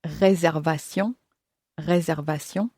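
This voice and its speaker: French woman saying each word twice real slow, lowish voice, dry close mic. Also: steady tone, darkish tone, breathy edge, dry recording. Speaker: native French model speaker. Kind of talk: scripted pronunciation model.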